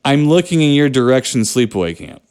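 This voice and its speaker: Animated man chatting about movies. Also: mid-range voice, brisk, clear, resonant tone. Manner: animated, joking, rambling. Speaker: podcast co-host. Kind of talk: casual movie chat.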